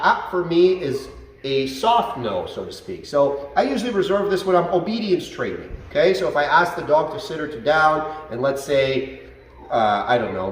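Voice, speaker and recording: A man's voice: mid-range voice, distant mic, a little hiss or hum. A man teaching dog training, explaining commands and acting out how he tells dogs off, recorded in a training facility. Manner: animated, acts out commands to dogs in a loud excited voice. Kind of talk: instructional talk. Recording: echoey room, away from the mic.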